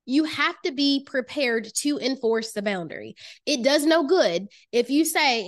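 A woman's voice: fairly high pitch, animated, moderate pace. A woman coaching her listeners in a motivational master class, emphatic and direct, repeating key phrases for weight. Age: adult with children. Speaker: life coach and podcast host.

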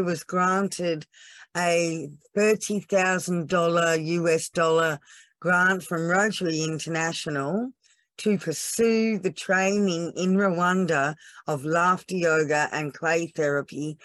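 A woman's voice: low-pitched, no room sound. A woman, a laughter yoga trainer, telling her story on a podcast in an earnest, emotional way, teary at times. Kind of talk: podcast interview.

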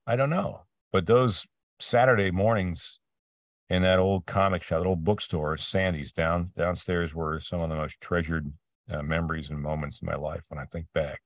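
Low-pitched and steady at a normal speed, this voice actor recounts career stories in a relaxed interview, restarting often and performing the voices of those he quotes. The recording is dry and the mic distant.

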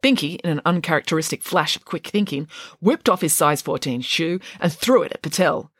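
A woman narrating a children's storybook in an expressive, lively way. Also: deep voice, brisk, dry recording, studio quality. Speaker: audiobook narrator.

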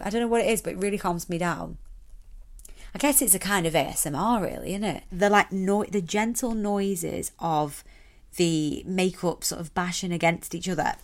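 A young woman chatting casually and rambling, then talking listeners through a relaxation exercise. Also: on the low side. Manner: chatty, rambling, many fillers. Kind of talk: casual chat and guided relaxation.

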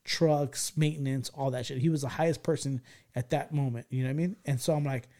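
A man from California hosting a podcast, telling a childhood story in an animated, profane way and checking in with his listeners as he goes. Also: medium pitch, fairly quick. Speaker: podcast host. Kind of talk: casual storytelling.

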